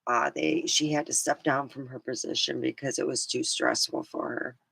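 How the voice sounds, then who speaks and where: A middle-aged woman vlogging in a rambling, casual chat, scattered and quick to laugh. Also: very deep voice, fairly even intonation, gravelly, fairly bright tone, breathy edge. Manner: chatty, scattered, laughs a lot.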